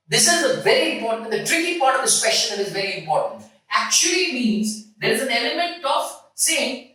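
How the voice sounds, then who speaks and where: Test prep tutor, emphatic and repetitive, bright tone, distant echoey recording. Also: medium pitch, expressive, fairly quick, few pauses. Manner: emphatic, repeats key points, asks rhetorical questions. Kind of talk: classroom-style lesson explanation. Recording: echoey room, mic far off.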